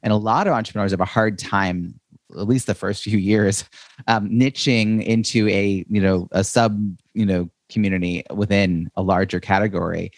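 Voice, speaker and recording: A man with a low voice asks long, rambling questions in a conversational interview. The sound is dry and close, with no room echo, and he circles through fillers before landing on each question. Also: steady tone, moderate pace. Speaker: podcast host.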